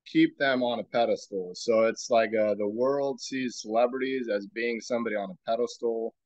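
A man hosting a podcast, giving a reflective spiritual talk in a slow, musing way and asking himself rhetorical questions. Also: medium pitch, fairly even intonation, darkish tone, no room sound, dull audio. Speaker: podcast host.

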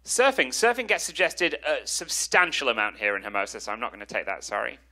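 A man's voice: mid-range voice, fairly quick, bright, forceful tone. A young English man doing stand-up crowd work, teasing and self-mocking, then freestyle rapping on a club stage. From England. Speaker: stand-up comedian. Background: music under the rap.

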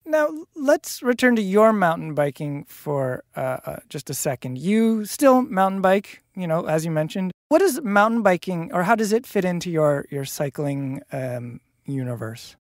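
Casting note: interviewer, mid pitch, dry close-mic sound, measured questions. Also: big pitch swings, no echo. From Canada. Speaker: podcast interviewer. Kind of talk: podcast interview.

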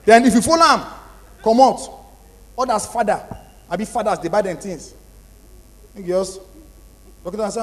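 A young Nigerian man performing animated stand-up comedy in pidgin. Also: high-pitched, moderate pace, long pauses. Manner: animated, acts out characters. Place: large hall, live audience. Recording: live hall reverb, faint noise.

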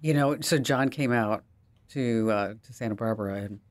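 A woman hosting a tech podcast in a casual, animated storytelling manner. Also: a bass voice, moderate pace, slight background noise. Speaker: host.

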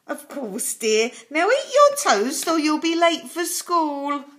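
A woman voicing a busy, distracted mother in a children's storybook reading, sounding brisk and dismissive. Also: high voice, huge pitch swings, fairly bright tone, pitched above the performer's own voice, full character voice.

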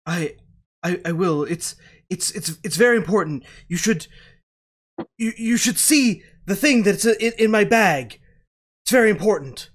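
A man voicing a cowardly male doctor who stammers and pleads in a higher, shaky voice. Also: expressive, a little slow. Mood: nervous. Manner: stammering, pleading, near tears.

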